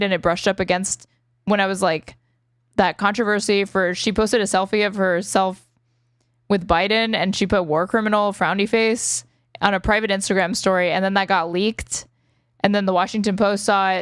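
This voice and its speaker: A woman commentator talks through an online feud in a loose, rambling way, with plenty of "like" along the way. Her voice is smooth and clear. The sound is close and dry, with no room in it. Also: medium pitch, dry recording. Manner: rambling, filler-heavy retelling with many "like"s. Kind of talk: casual commentary recap.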